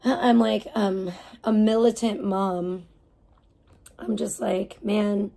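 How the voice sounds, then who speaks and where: A woman's voice: mid-range voice, fairly even intonation, slow pace, vocal fry, warm tone. A woman live streamer in a casual, heated rant, swearing often and rambling with restarts. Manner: profane, heated ranting.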